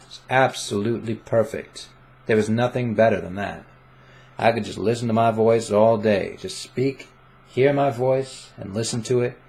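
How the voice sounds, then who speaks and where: A young man talks into a desk condenser mic in his room, in a casual vlog. His voice sits a bit low, and he rambles playfully, mocks himself and restarts his sentences. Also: moderate pace, creaky, a little mellow. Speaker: vlogger. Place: home room with webcam.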